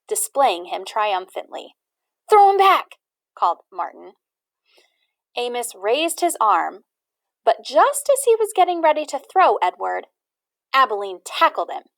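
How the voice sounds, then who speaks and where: A woman reading a children's storybook aloud in an expressive, animated way. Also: fairly high pitch, no echo. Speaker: audiobook reader.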